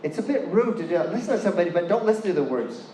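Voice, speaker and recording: A man's voice: sits high, lively intonation, very fast, mellow, a little hiss or hum. A man with a Californian accent giving a playful, chatty university lecture and asking the audience questions. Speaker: guest lecturer. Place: lecture hall. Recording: echoey hall with faint room ambience.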